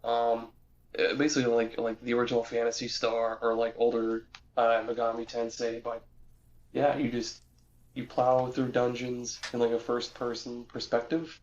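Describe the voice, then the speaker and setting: A man's voice: medium pitch, monotone, moderate pace, a little mellow, dull audio, a little hiss or hum. A young man co-hosting a casual podcast, rambling with lots of restarts and fillers. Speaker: podcast co-host. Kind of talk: casual chat.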